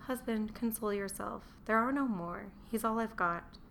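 A woman voicing a young foreign-born wife who speaks softly, timid and deferential. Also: medium pitch, normal speed, vocal fry, slight background noise. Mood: pleading.

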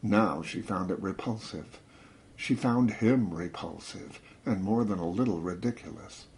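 Slow, low-voiced male narrator. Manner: measured, steady reading. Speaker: audiobook narrator. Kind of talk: scripted narration.

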